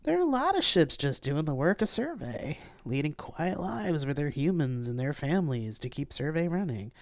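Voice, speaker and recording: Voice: medium pitch, sing-song, normal speed, no room sound, studio quality, voice pushed up. The reader voicing a tipsy, blunt young woman who teases her old friend in a live-read audiobook. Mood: earnest.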